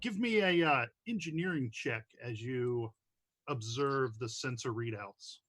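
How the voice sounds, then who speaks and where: A man runs a science-fiction tabletop game, narrating scenes and calling for checks. He speaks in a halting way, with many fillers. His pitch sits in the middle range. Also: expressive, fairly bright tone. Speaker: game master.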